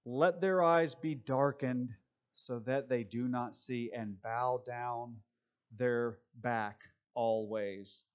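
A man's voice: mid-range voice, steady tone, takes it slowly, clean tone, muffled recording. A male pastor preaching a sermon from the pulpit, reading scripture aloud and then shifting into loose, conversational asides. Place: church pulpit.

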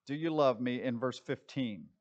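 A man leads a relaxed Bible study in a plain, mid-pitched voice, pausing and thinking aloud as he hunts for verses. The recording sounds dull and slightly muffled. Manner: halting, thinks aloud while leafing for verses; ends with a short closing prayer. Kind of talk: informal Bible study teaching.

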